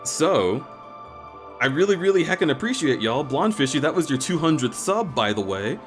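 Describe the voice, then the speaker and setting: A man's voice: on the high side, sing-song, moderate pace, fairly bright tone, soft background music. A man streaming a game live, chatting with viewers and thanking them in an effusive, rambling way with restarts. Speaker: variety streamer. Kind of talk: live-stream chat while gaming.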